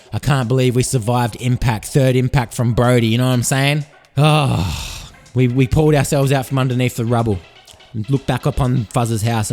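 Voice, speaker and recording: A man's voice: medium pitch, a little mellow. An Australian man hosting a podcast, telling crude, profane tall tales in a rambling comic monologue. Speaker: podcast host.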